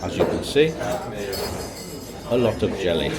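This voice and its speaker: A man's voice: fairly low pitch, sing-song, a little slow. A man casually narrating a travel vlog with dry, understated humour while tasting food at a busy outdoor market. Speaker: travel vlogger. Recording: loud crowd and music behind.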